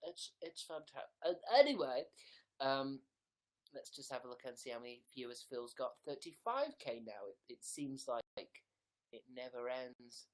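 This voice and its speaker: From a room in his house, a young man hosts a casual livestream, joking, rambling, reading out comments, and slipping into whispered asides. His voice is medium-pitched and animated, at a moderate pace.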